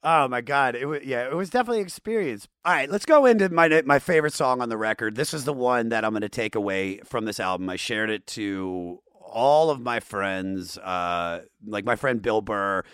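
A man hosts a loose, casual chat, talking in excited, profane bursts. His voice sits in a middle range and is recorded dry and close, with no room sound. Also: mid-range voice, moderate pace, hardly any pauses, clear, resonant tone, dry recording. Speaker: podcast host, comedian.

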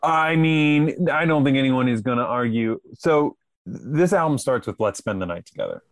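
Guest actor, male, mid pitch, wry and understated, close dry mic. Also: expressive, moderate pace, no room sound. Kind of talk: casual chat.

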